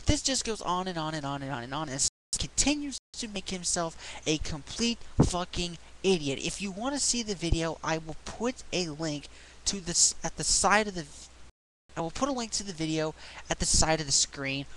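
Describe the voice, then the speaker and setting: A man's voice: fairly high pitch, lively intonation, normal speed, noisy background. A man ranting in a video blog, sarcastic, exasperated and profane as he mocks someone. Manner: profane, mocking. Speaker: video blogger. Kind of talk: ranting vlog.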